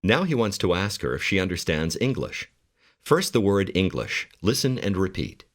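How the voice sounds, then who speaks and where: A man giving calm, measured instructions as the narrator of a language course. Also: low voice. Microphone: studio mic.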